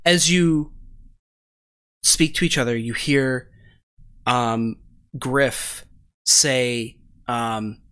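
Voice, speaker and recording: A man running a tabletop game as game master, describing scenes in a measured way with frequent fillers. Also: medium pitch, a bit bright, clean tone.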